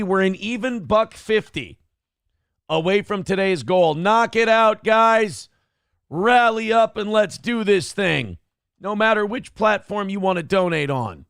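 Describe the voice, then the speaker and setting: A man's voice: high-pitched, gravelly, fairly bright tone, dry recording, studio quality. A man hosting a livestream talk show. He reads viewer comments aloud and rants with plenty of profanity. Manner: ranting and profane. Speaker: live show host.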